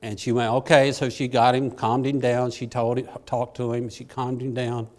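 A middle-aged man preaching, telling a personal story in a folksy, self-deprecating way that swings from hushed to excited. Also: mid-range voice, moderate pace. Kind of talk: sermon storytelling.

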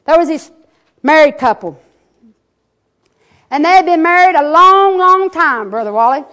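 A woman preaching a sermon in a folksy, storytelling way, dropping into solemn, slow emphasis. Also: high voice, fairly bright tone. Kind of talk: sermon with a told joke.

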